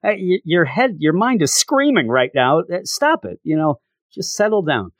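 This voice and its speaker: A man voicing a brisk female team leader who questions a teammate matter-of-factly. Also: on the high side, very animated, a bit bright, no echo, clean studio sound, pitched above the performer's own voice. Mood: probing.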